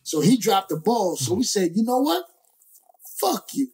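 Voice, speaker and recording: A male rapper as a guest, telling a story in a lively, slangy, profane way and acting out other people's lines. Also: sits high, measured pace, husky. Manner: slangy, profane, acts out quoted voices. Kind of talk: animated storytelling.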